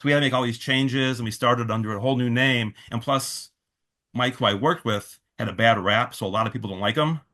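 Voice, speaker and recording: A man's voice: medium pitch, brisk, bright, forceful tone. A man, a festival organizer, telling a long story in a casual interview, full of fillers and restarts, quoting others in his own voice.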